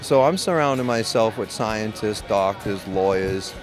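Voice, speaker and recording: A man's voice: lowish voice, measured pace. A middle-aged man from Maine, a medical cannabis caregiver, telling his story in an interview in a blunt, profane, rambling way with many restarts. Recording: loud music under voice. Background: music.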